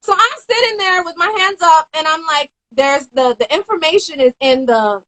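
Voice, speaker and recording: Over a phone or video call, a twenty-something woman guesting on a casual live-stream recounts a story with lots of energy, acting out the characters as she goes. Her pitch is extremely high and the audio quality is poor.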